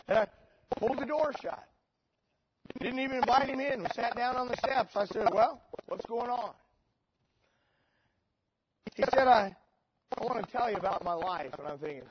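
Animated preacher with a high voice. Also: male voice, normal speed, long pauses. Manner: animated, swings from dry sarcasm to loud emotional peaks. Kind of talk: storytelling sermon. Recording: dull lo-fi sermon recording with noise.

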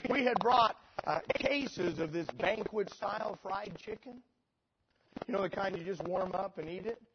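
Unhurried, a high-voiced man in middle age delivers a storytelling sermon, his tone moving between dry sarcasm and loud, heartfelt moments. The lo-fi recording is dull, with a steady noise bed.

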